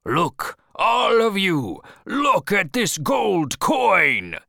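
A man voicing a wild, obsessed old sea captain who shouts his orders slowly and fervently, in a storybook reading. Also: lowish voice, huge pitch swings, vocal fry, no echo, studio quality, exaggerated voice.

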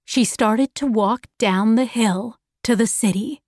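A woman reads a storybook aloud in a fairly high voice, pacing it slowly and carefully. She gives each character a light voice of its own. The sound is dry and close, with no room echo. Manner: slow, careful reading with soft character voices. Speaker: audiobook reader. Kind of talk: slow storybook narration for learners.

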